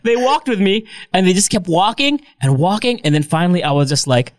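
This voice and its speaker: Animated man telling a story with a lively pitch. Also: a little fast. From United States. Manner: animated, acts out other people in high voices, laughs often. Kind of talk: casual storytelling chat.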